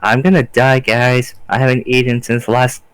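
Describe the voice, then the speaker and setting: A man's voice: mid-range voice, little pitch movement, moderate pace, clear, resonant tone, low-quality recording. A man chatting as a player in a tabletop game, wry and grumbling. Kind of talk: casual tabletop game chat.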